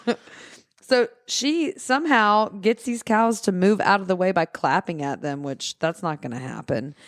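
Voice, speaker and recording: A woman co-hosting a podcast, recapping a movie in casual chat, playful and quick to giggle. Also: mid-range voice, no echo, clean studio sound. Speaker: podcast co-host.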